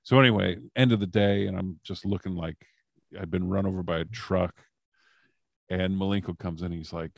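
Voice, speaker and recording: A man with a lowish voice tells animated anecdotes from his time as a wrestling writer, full of fillers and quoted voices. The sound is dry and close. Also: moderate pace, vocal fry, no room sound. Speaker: comedian guest, former wrestling writer. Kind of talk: casual storytelling on a podcast.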